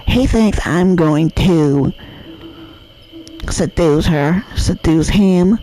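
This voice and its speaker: A man's voice: on the high side, very slow, warm tone. A man voicing a mean, snide young woman who gossips, with a sassy mocking drawl. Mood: catty. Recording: noisy background.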